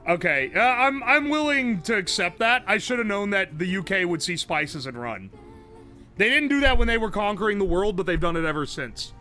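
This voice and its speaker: A male streamer thinking aloud over a food guessing game, excitable and profane. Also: high-pitched, normal speed, faint music behind. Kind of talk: casual game commentary.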